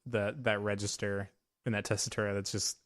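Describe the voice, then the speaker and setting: A man co-hosting a podcast in casual chat, joking and quick to break into comic voices. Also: on the low side, flat delivery. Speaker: podcast co-host.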